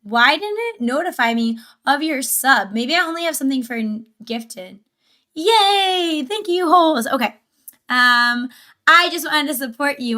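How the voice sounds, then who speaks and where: A woman with a high voice hosts a casual livestream, chatty and easily sidetracked. She giggles often and talks into a desk mic. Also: expressive, normal speed, pushed and bright. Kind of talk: casual livestream reaction chat.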